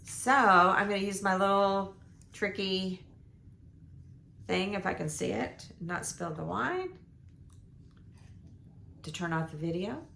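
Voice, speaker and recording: An older woman, hoarse from losing her voice, rambling through a casual life update with lots of ums and restarts. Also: mid-range voice, slow, pauses often, sharp tone, slight background noise. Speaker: vlogger. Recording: echoey room.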